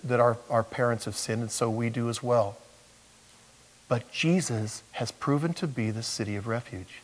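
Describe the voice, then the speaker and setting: A man's voice: medium pitch, in a large hall. An older man, a pastor and grandfather, preaching a sermon in a conversational, folksy way with asides.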